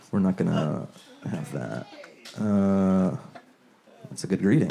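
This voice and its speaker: Lively stand-up comic, live club crowd. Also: male voice, medium pitch, unhurried, long pauses. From Seattle area, USA. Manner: loose, chuckling, lively voices for bits. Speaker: stand-up comedian. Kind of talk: stand-up set, working on new material. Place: comedy club with a laughing audience. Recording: live club audience audible.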